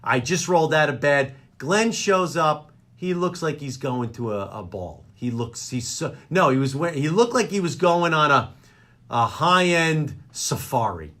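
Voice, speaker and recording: A man hosting a live radio comedy show, ranting in an exasperated, animated way about everyday annoyances. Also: a little high, a little slow. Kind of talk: comedic rant. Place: radio studio.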